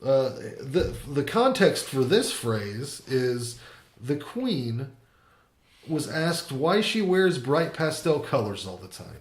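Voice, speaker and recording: A man's voice: medium pitch, sing-song, takes it slowly, echoey room. A man hosting a casual comedy chat show, rambling and giggling as he talks. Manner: rambling, giggly, restarts often. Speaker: show host.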